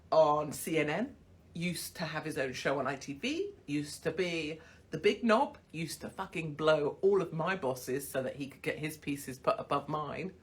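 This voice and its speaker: A woman's voice: low voice, husky. A woman hosting a casual livestream from a hotel room on her phone, swearing bluntly and mocking people with frequent laughter. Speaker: livestream host.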